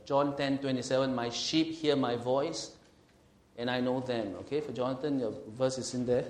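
A male pastor preaching an emphatic sermon. He slows and swells on scripture and asks the congregation questions. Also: mid-range voice, fairly even intonation. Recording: roomy hall echo.

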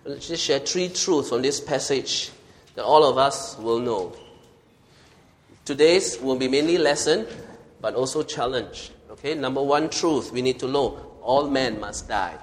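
Male preacher, mid-pitched and emphatic, repeats key lines, long hall reverb. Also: a little slow. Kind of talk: sermon.

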